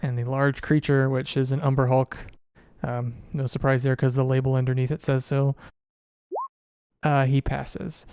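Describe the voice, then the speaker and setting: Smooth-voiced male game master. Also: mid-range voice, level tone, moderate pace, darkish tone, dry recording. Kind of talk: narrating a tabletop game.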